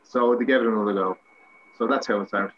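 Irish man, husky voice, rambling anecdotes, casual interview, dull lo-fi sound. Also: fairly low pitch, steady tone, quick pace, a bit bright. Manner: rambling, self-mocking anecdotes with many restarts. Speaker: guest, actor.

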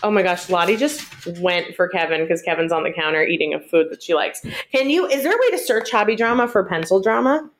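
A woman's voice: lowish voice, animated, brisk, hardly any pauses, slight background noise. Rambling woman hosting a casual podcast. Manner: rambling, filler-heavy, jokey. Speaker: podcast host. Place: at home with cats.

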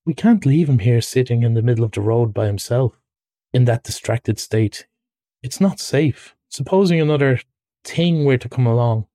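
A man reading a storybook aloud, voicing a gentle, anxious male mole with a raised, earnest voice. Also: medium pitch, animated, normal speed, dry recording, clean studio sound, natural voice.

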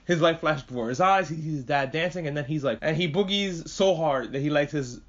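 A man giving a casual spoken anime review, excitable and profane, gushing over what he watched. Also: fairly high pitch, a little fast. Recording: dull lo-fi recording.

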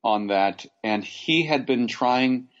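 A man from Los Angeles recalls his acting jobs in a loose, rambling way, full of restarts and sudden lively asides. His voice sits at an ordinary middle pitch, heard through a dull, lo-fi connection. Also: takes it slowly. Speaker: actor guest. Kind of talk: casual interview anecdotes.

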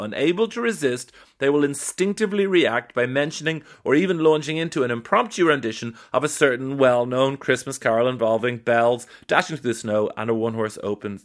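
An Irish man with a mid-pitched voice hosts a comedy podcast. He reads listener emails aloud in a dry, playful way and keeps breaking off to joke about them. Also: fairly bright tone. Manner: wry, playful, stops to riff on what he reads. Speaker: podcast host. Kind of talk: comic podcast monologue reading listener emails.

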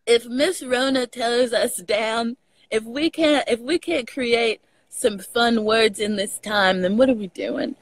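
This woman takes her time, her voice a little high, with no room sound around it. She's a Texan guest with a Southern accent, laughing through animated stories in a laid-back video-call conversation.

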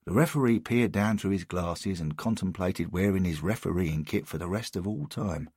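A man narrating a scripted comic story in a wry, expressive way. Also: deep voice, moderate pace, hardly any pauses, husky, no room sound, clean studio sound.

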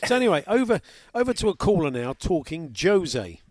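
A man's voice: high-pitched, sing-song, brisk, dry recording. A man presenting radio, chatting casually and joking between old clips. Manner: jokey, laughing asides.

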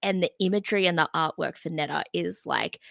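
A woman's voice: lowish voice, brisk, gravelly, fairly bright tone, dry recording. A woman co-hosting a music podcast, chatting in a bubbly, filler-heavy way. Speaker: podcast co-host. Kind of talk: casual music podcast chat.

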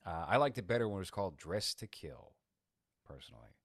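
Deep-voiced sarcastic podcast man. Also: sing-song, fast talker, husky, dry recording, studio quality. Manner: sarcastic, provocative. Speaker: podcast co-host. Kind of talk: casual chat.

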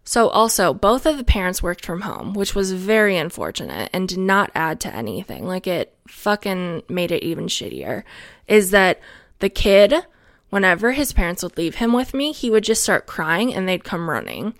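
A woman's voice: fairly low pitch, big pitch swings, moderate pace, no room sound, clean studio sound. A young woman telling a story in a casual monologue, venting, swearing freely and filling her talk with "like". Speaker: podcast host.

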